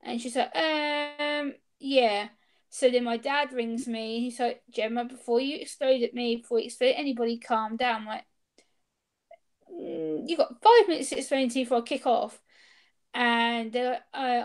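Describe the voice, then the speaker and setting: Young woman, interview guest, casual storytelling, slightly high voice, acts out quotes, video call. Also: clean tone. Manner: animated, acts out quoted exchanges.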